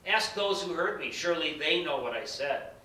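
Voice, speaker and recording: A man reading Jesus, calm and measured. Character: Jesus, calm male teacher on trial. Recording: bright roomy echo, distant mic, faint rumble.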